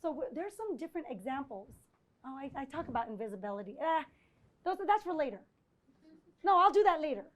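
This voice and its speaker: A visiting professor, a woman with a high-pitched, very animated voice, gives a live lecture and takes audience questions. She speaks briskly with frequent pauses, keeps things conversational, checks in with "right?", and acts out the exchanges she quotes.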